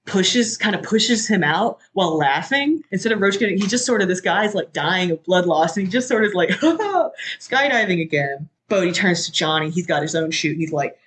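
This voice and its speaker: A podcast guest excitedly recapping a movie in casual chat, acting out the characters' lines with sudden loud jumps in pitch. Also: moderate pace, few pauses. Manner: excitable, acts out quotes with big pitch jumps.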